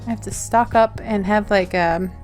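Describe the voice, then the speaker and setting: A woman's voice: medium pitch, fairly even intonation, moderate pace, darkish tone, soft background music. An Australian woman opening fan mail on her vlog in a bubbly, gushing, giggly and rambling way. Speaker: zine-maker vlogger.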